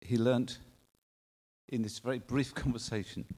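A man's voice: medium pitch, steady tone, a little mellow. Earnest male preacher in a reverberant hall. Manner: earnest, drawn-out emphatic phrasing with rhetorical questions. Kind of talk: sermon. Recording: long reverb of a large hall.

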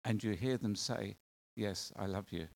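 Gravelly man preaching a sermon. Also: lowish voice, measured pace. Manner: earnest, conversational preaching with rhetorical questions.

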